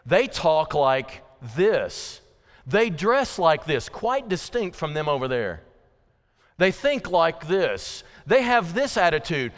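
A man's voice: fairly high pitch, sing-song, slow pace, in a large hall. A man preaching a sermon to his congregation, urgent and emphatic, repeating phrases and speaking straight to the listeners. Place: church sanctuary.

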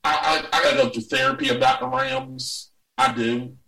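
A man's voice: mid-range voice, moderate pace, creaky, distant mic, low-quality recording. A man co-hosting a casual sports chat, ranting and swearing with lots of energy. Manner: profane, ranting, animated. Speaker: podcast co-host.

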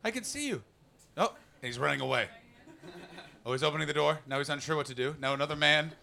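A man doing an improvised stand-up set, riffing and talking with the crowd, breaking into loud mocking voices for the people in his stories. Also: fairly high pitch, flat delivery, fast talker, vocal fry. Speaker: stand-up comedian. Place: comedy club stage before a live audience.

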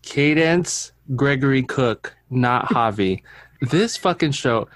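A man's voice: mid-range voice, slow pace. Profane, storytelling father on a podcast. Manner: profane, animated anecdote-telling. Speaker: podcast co-host; father of a toddler. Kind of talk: casual chat.

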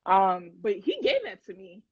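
A woman's voice: mid-range voice, wildly swooping pitch, moderate pace, breathy edge, no echo. A young woman hosting a livestream, chatting casually and animatedly with viewers in slangy talk, laughing often. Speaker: livestream host. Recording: dull lo-fi dry sound.

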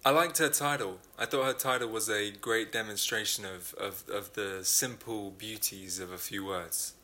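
A man's voice: on the low side, steady tone, moderate pace, sharp tone. A man co-hosting a casual book podcast, probing his partner with pointed questions. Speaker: podcast co-host. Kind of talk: casual discussion of books.

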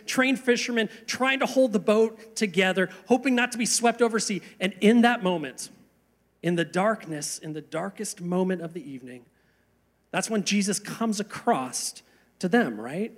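A man preaching a sermon, earnest, asking rhetorical questions and slowing down for emphasis. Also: high voice. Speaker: pastor.

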